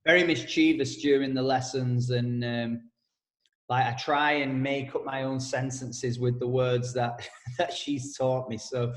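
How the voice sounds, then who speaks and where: A man trades easygoing stories as he co-hosts a personal development podcast, breaking into laughter often. His voice sits at an ordinary middle pitch. The room around him rings with a noticeable, roomy echo. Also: little pitch movement. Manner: chatty storyteller, laughs often, quick asides. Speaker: co-host, personal development coach. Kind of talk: casual podcast chat.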